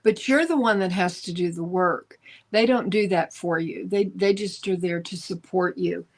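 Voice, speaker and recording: A woman's voice: on the low side, normal speed. A woman on a live stream giving intuitive spiritual guidance, searching for words with many restarts and ums. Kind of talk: casual spiritual guidance talk.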